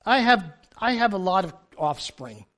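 Preaching a sermon at church, an older man addresses his congregation at a moderate pace in a remarkably high, bright voice. His humorous, animated storytelling shifts between quiet asides and abrupt loud outbursts.

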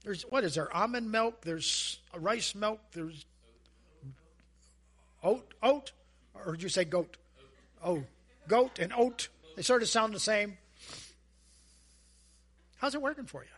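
A man preaching a sermon as a pastor, animated and asking the congregation questions. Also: high-pitched, slow, pauses often. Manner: animated, acts out voices and asides; asks the audience questions.

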